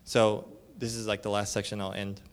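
A man's voice: on the low side, little pitch movement, normal speed, smooth. Man preaching in a casual storytelling voice. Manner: casual storytelling with slang and fillers; acts out dialogue with shifting voices. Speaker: church elder. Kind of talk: conference sermon.

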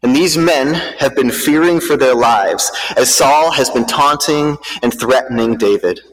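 A man preaching, telling a dramatic story in a vivid, measured way, recorded with a long hall reverb. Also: mid-range voice.

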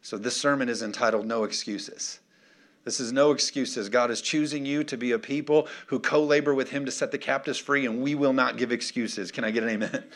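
A male pastor delivering an emphatic sermon, pushing his points hard and repeatedly calling on the congregation to answer him. His voice sits at an ordinary middle pitch. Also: fairly even intonation, brisk, a bit bright. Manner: emphatic, call-and-response preaching.

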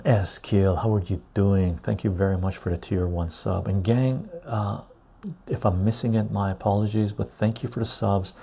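A man's voice: fairly low pitch, steady tone, moderate pace, creaky, dark tone, husky. A man hosting a live stream, chatting loosely with viewers and reading their comments aloud. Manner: loose and chatty, reads the chat aloud, says "right?" often.

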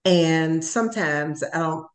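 Measured interviewer asking questions. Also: medium pitch, echoey room. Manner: thoughtful, measured questions with brief affirmations. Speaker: podcast host.

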